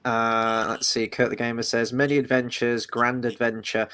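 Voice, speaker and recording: A man's voice: mid-range voice, little pitch movement, normal speed, pushed and bright, clear, resonant tone. A man co-hosting a casual film podcast, chuckling as he reads viewer comments aloud. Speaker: podcast co-host reading live chat. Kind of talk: casual chat.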